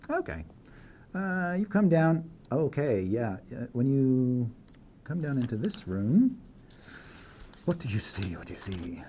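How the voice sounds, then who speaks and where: A man's voice: mid-range voice, sing-song, measured pace, long pauses, dark tone. A man narrating a tabletop game as dungeon master, setting scenes in detail with frequent fillers.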